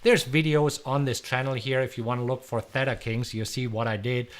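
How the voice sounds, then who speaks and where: A middle-aged man from Germany with a German accent, hosting a live stream and answering viewer questions in an energetic, chatty way that repeats words. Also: mid-range voice, a little fast. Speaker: host.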